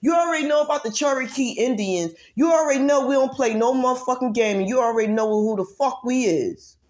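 A woman vlogger in a heated, profane rant who drives her points home by repeating herself and swings between loud outbursts and low muttering. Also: a little fast. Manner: profane, emphatic, repeats phrases for force. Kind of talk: heated ranting monologue.

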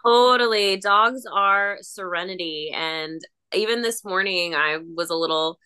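A woman's voice: medium pitch, measured pace, pushed and bright, clean tone. A woman, an actress, chatting as a podcast guest in an upbeat, gushing way, acting out little voices in her stories. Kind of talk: casual interview chat.

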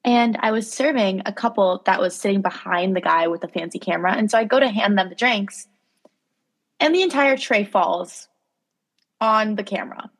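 A young woman co-hosting a casual podcast who laughs often and tells rambling stories full of fillers. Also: mid-range voice. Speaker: podcast co-host. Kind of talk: casual chat.

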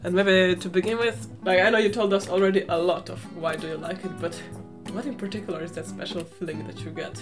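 A woman's voice: lowish voice, fairly even intonation, fast, hardly any pauses. A woman hosting a podcast, talking in a thoughtful way and asking her guest open questions in a casual interview. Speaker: podcast host. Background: guitar music.

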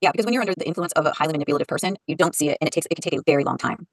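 A podcast host keeps the conversation moving with fast, supportive follow-up questions and brief affirmations. The voice sits at a middling pitch and sounds dry and close. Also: vocal fry, no room sound. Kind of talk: conversational interview.

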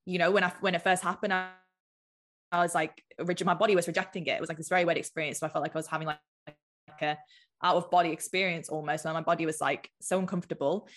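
Chatty british woman on a podcast, lowish voice, says like a lot. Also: fairly even intonation, quick pace, fairly bright tone. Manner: chatty, lots of filler "like". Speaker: guest, business mentor. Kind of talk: casual podcast chat.

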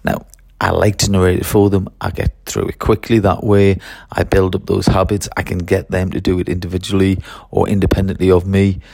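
A man's voice: low-pitched, monotone, fairly quick, gravelly, darkish tone, dry recording, studio quality. A man who teaches French, talking through his methods in a chatty solo podcast, with fillers and restarts.

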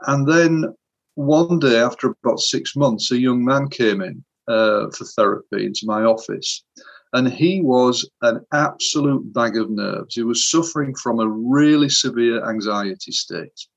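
A man's voice: mid-range voice, unhurried, creaky, dull audio. A man who works as a hypnotherapist, earnestly recounting a session in an interview. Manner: earnest, vivid retelling. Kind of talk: storytelling in an interview.

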